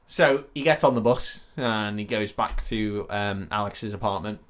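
A man's voice: lowish voice, unhurried. A man, co-hosting a podcast and retelling a film scene by scene in a laid-back, sweary way. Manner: laid-back storytelling, swears freely, laughs a lot. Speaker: podcast co-host.

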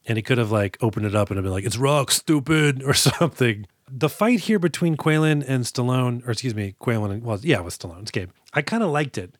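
A man's voice: medium pitch, expressive, fast talker, no echo, studio quality. A man co-hosting a casual podcast, joking around and acting out movie lines. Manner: jokey, acts out movie quotes with laughs. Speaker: podcast co-host. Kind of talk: casual chat.

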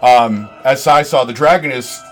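A man's voice: mid-range voice, normal speed, soft background music. Chuckling game master man. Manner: relaxed, chuckling, frequent ums. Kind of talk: narrating a tabletop game.

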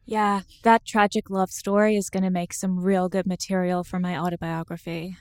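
A woman's voice: fairly low pitch, little pitch movement, moderate pace, a little mellow, no echo, clean studio sound. A woman playing a tabletop role-playing game, talking in a casual, matter-of-fact way. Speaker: player.

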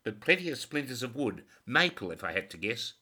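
A man's voice: mid-range voice, very animated, fairly quick, bright, forceful tone, slightly rough, pitched above the performer's own voice, full character voice. A man voicing a matter-of-fact forensic pathologist professor. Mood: clinical.

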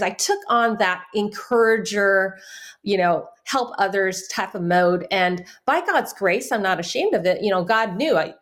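Middle-aged woman guest, earnest testimony, mid-pitched voice. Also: expressive, measured pace, a bit bright. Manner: earnest storytelling, acting out quoted family voices. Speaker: interview guest, soul care minister. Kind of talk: personal testimony in a faith interview.

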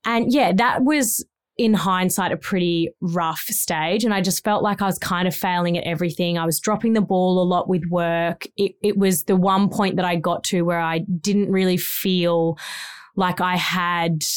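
A woman's voice: fairly low pitch, fairly even intonation, normal speed, smooth. A woman, co-hosting a podcast and talking candidly about life with three young children. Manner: frank, rambling, with self-deprecating laughs. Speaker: podcast co-host, mother of three.

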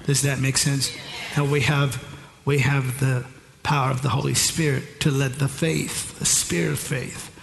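Slow, gravelly preacher in a reverberant hall. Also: male voice, mid-range voice, little pitch movement, slight background noise. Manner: repetitive, emphatic preaching with rising shouted refrains. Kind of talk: sermon. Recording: long hall reverb, faint ambience.

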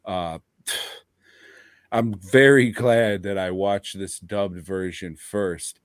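A man with a very low voice, co-hosting a podcast in loose, rambling chat full of swearing. He talks slowly and easily. The sound is close and dry, with no room in it. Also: fairly even intonation, dry recording. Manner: profane, rambling, laid-back. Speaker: podcast co-host. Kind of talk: casual chat.

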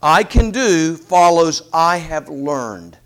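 A man preaching a sermon, asking rhetorical questions in an animated delivery. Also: on the high side, slow.

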